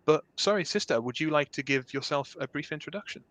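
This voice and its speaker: A man's voice: a little high, animated, quick pace, fairly bright tone, no echo. A young man from the north of England hosting a casual livestream chat, upbeat and jokey. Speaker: event host.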